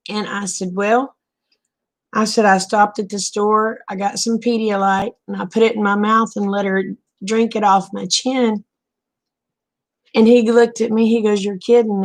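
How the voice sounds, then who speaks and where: A middle-aged woman, telling a long homespun story in a casual vlog, full of "he said" asides. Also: mid-range voice. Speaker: vlogger. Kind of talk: casual late-night storytelling.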